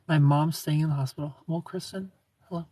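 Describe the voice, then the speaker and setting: A man from Ohio hosting a casual livestream, reading viewer comments aloud in a soft, low-key way and slipping into quiet asides. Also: steady tone, a little fast, no room sound. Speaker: livestream host.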